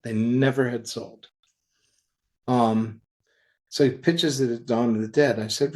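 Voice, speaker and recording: A man's voice: mid-range voice, a little slow, pauses often, rough recording. A man in his seventies, a guest on a comics interview show, telling stories and acting out what people said. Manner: animated storyteller who acts out dialogue in quotes. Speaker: guest, comics industry veteran. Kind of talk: anecdotal storytelling in conversation.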